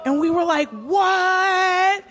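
A lively young woman chatting casually, her voice sitting a little high. She swears freely and acts out every line of dialogue in her story, leaping up in pitch for the punchlines. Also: moderate pace, faint music behind, a faint crowd. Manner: animated, swears freely, acts out quotes with big pitch jumps.

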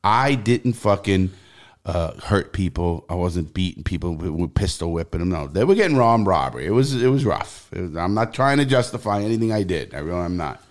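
Low-sitting and brisk, the voice is that of a middle-aged New York man appearing as a podcast guest. He swears freely and speaks bluntly, with an animated, profane energy suited to casual interview storytelling.

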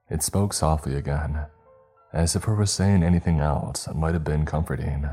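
Deep husky male horror narrator, slow and hushed, with faint music underneath. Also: fairly even intonation.

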